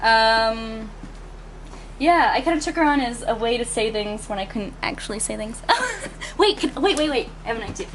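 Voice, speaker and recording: Fast, animated young woman storyteller. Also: fairly high pitch, a little hiss or hum. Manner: fast, animated, laughs often. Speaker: interviewee. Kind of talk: casual storytelling.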